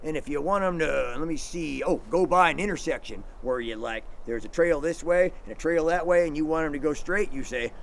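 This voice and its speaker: A middle-aged man giving an outdoor dog sledding demonstration for kids, telling stories and acting out the shouted commands. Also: fairly high pitch, brisk, creaky, hardly any pauses, slight background noise. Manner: animated storyteller, acts out shouted commands.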